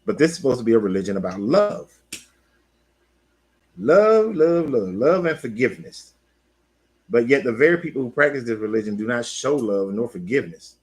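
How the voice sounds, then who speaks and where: A man talking casually on his own, an animated coach who repeats himself and talks back to the listener. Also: mid-range voice, fast talker, hardly any pauses, husky, low-quality recording. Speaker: life coach. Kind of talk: casual monologue.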